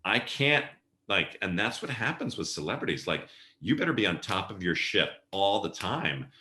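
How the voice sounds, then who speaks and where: Middle-aged male guest, low bright voice, lively storyteller, roomy echo. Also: normal speed. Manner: animated storyteller acting out quoted voices. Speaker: podcast guest, event planner. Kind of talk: casual storytelling interview.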